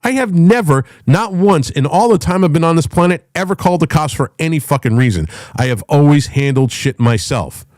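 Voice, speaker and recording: A man's voice: on the high side, animated, fairly quick, few pauses, darkish tone, no echo. A man from the United States ranting in a blunt, combative way, with a lot of swearing. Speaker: podcast host. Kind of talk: unscripted rant.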